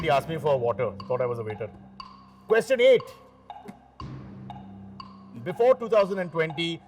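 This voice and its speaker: Man, high voice, quiz show host, playful jokes, soft music underneath. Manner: joking, teasing asides between questions. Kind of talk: game show hosting. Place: TV studio.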